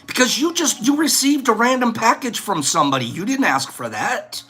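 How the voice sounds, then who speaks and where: A man's voice: very high voice, very animated, moderate pace, pushed and bright, husky, faint music behind. A man hosting a casual vlog, rambling and lecturing as he talks. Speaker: host.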